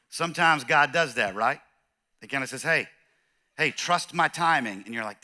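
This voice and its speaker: A man's voice: mid-range voice, lively intonation, measured pace, pauses often, pushed and bright. A middle-aged man with a Californian accent preaching a sermon as pastor, in a conversational, joking way, acting out the voices of people in the story.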